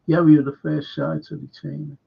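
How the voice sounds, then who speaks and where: Older Scouse host, raised pitch, rasp, telling rambling stories. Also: male voice, level tone, a little fast. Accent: Liverpool. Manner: rambling anecdotes, sweary. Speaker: podcast host. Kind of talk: casual chat. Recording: dull lo-fi recording.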